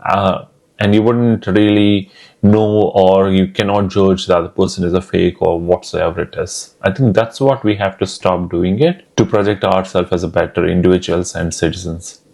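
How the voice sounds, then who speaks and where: A man's voice: deep voice, fairly even intonation, normal speed, gravelly, darkish tone. A man from India, giving earnest advice straight to camera in a vlog. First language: Telugu. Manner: earnest, urging. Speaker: vlogger.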